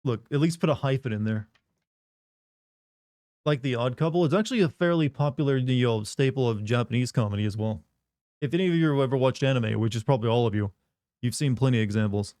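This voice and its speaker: A man's voice: mid-range voice, fast talker, a little mellow, no room sound. A man hosting a live stream, joking and rambling in casual banter with his chat on a close desk mic. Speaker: livestream host.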